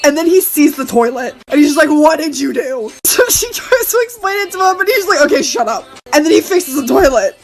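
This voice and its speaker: A woman's voice: very high-pitched, lively intonation, fairly quick, hardly any pauses, soft background music. A woman telling a casual storytime anecdote, animatedly acting out her friends' lines.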